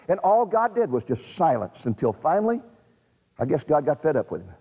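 A man's voice: on the high side, sing-song, a little fast, mellow, big-room sound. A male preacher delivering a sermon in a dramatic, emphatic way, putting rhetorical questions to his audience.

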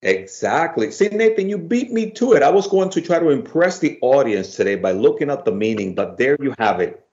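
A man's voice: mid-range voice, sing-song, a little fast, muffled recording. A man with a Bronx Spanish accent hosting a Bible study program, chatting casually with many fillers. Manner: warm, laughs easily, many "uh" fillers.

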